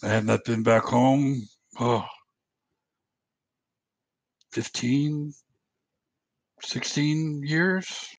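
A man playing a tabletop role-play game, switching between narrating his character and speaking as him in a halting way. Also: medium pitch, no echo. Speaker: player.

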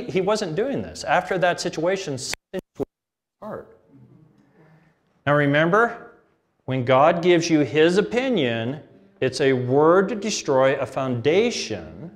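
A middle-aged man preaching a sermon, telling a family story with laughter and acted-out dialogue. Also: a little high. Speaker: pastor.

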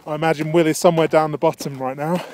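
A man out of breath, rambling casually with lots of fillers as he films himself outdoors on a high mountain ridge with a handheld camera. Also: little pitch movement, rapid-fire, darkish tone, a little hiss or hum. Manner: rambling, chatty, with many fillers. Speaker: vlogger. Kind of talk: casual handheld vlog narration.

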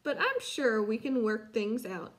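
Gentle mama raccoon, soothing, storybook read aloud, lady doing it. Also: a little high, sing-song, unhurried. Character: gentle mother raccoon, calm and caring.

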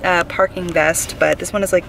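A young woman in her twenties chatting excitedly to her phone camera in a casual vlog. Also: fairly low pitch, normal speed, creaky, a little hiss or hum. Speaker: vlogger.

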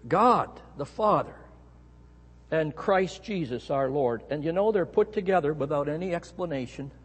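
A middle-aged Canadian man preaching a sermon, telling a story with animated emphasis on key words. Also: a little high, breathy edge. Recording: echoey hall.

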